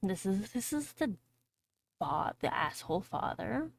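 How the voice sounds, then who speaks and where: A woman's voice: medium pitch, big pitch swings, a little slow, vocal fry. A woman streamer reading a fairy tale aloud on a live stream, breaking off for crude, joking asides to her chat. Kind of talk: casual live-stream storytelling.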